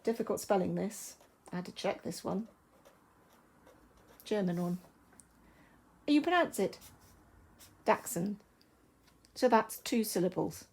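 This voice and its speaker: An English woman with a middle-pitched voice talks slowly and carefully to young children in a recorded lesson. She thinks aloud, step by step, as she writes. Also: lively intonation, darkish tone. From England. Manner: slow, careful, thinking aloud while writing. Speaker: primary school teacher.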